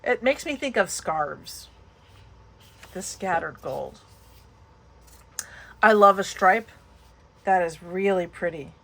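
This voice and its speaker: A woman hosting a papercraft channel, chatting casually through an unboxing haul, gushing and excitable, now and then breaking into high squeals. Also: slow, vocal fry, long pauses.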